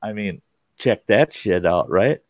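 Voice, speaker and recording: A man with a lowish voice hosts a show and tells a childhood story slowly but animatedly, in a folksy, casual way with frequent laughs and mild cursing. There's no room sound, and the recording sounds dull and lo-fi.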